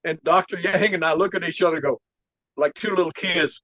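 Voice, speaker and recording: A man telling a story in a casual interview, animated and laughing often, clearing his throat now and then. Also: fairly high pitch, brisk, no room sound, lo-fi sound. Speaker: martial arts teacher, interview guest.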